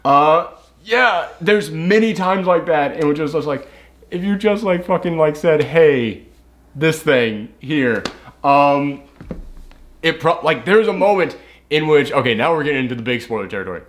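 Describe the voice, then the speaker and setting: A man with a somewhat high voice talks through a film in a loose, rambling review. He swears often and slips into put-on voices to quote the characters, peppering his talk with "like.". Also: expressive, normal speed, fairly bright tone, a little hiss or hum. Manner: rambling, frequent "like" and restarts. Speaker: movie reviewer. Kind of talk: casual movie review chat.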